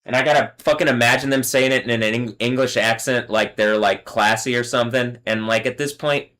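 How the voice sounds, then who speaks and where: A man's voice: medium pitch, fairly even intonation, fairly quick, hardly any pauses, sharp tone, a little hiss or hum. A man hosting a solo livestream, ranting bitterly and profanely, often trailing off and restarting mid-sentence. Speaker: livestream host.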